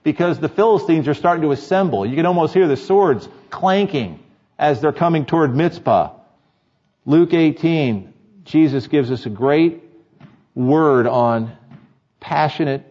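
A male pastor preaching, his voice sitting a little high for a man. He leans on rhetorical questions to his listeners and sounds earnest and emphatic. The recording is dull and lo-fi. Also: unhurried, a little mellow. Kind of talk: sermon.

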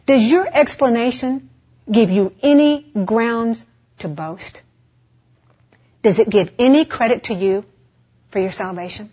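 Husky woman giving a sermon, asks a question then answers it, dull recording. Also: fairly high pitch, lively intonation, a little slow, long pauses, darkish tone. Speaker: preacher.

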